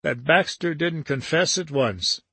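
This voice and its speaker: A man voicing an easygoing young man who talks in a slow, unhurried drawl. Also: on the high side, vocal fry, pushed and bright, husky, no room sound, full character voice. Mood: easy.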